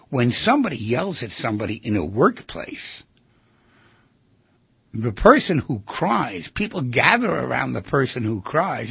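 Man, husky gravelly voice, very lively pitch, dry dull lo-fi recording. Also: no echo. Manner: animated, acts out quoted lines with big swings of pitch. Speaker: speaker on relationships. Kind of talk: lively talk.

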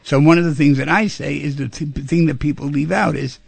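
A man's voice: on the high side, steady tone, brisk, vocal fry, breathy edge, no room sound. A man hosting a call-in advice radio show, talking directly and coaching callers, often repeating himself for emphasis.

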